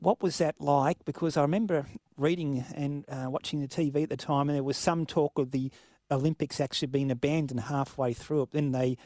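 A man asking measured questions as the interviewer. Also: fairly high pitch, warm tone, dry recording, clean studio sound.

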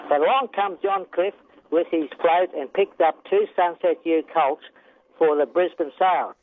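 A man's voice: on the high side, normal speed. An older Australian man, a retired horse trainer, telling rambling racing stories with chuckles and a constant "yeah". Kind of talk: casual storytelling interview. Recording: tinny phone line.

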